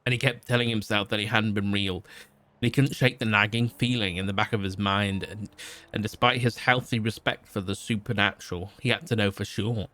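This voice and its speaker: A man's voice: lowish voice, fairly even intonation, brisk, bright, forceful tone. A man streaming, reading a fan story aloud, stumbling and restarting often, with side remarks to chat.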